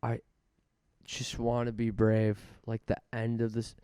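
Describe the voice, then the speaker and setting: A man's voice: fairly low pitch, completely flat delivery, measured pace, dark tone, clean tone, dry recording, clean studio sound. A man hosting a solo podcast, rambling through jokes and self-mocking asides. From Canada. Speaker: podcast host.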